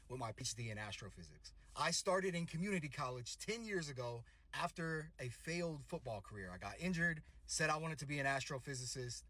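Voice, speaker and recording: A man's voice: mid-range voice, a bit bright, no room sound. A man in his thirties earnestly and casually telling a personal motivational story.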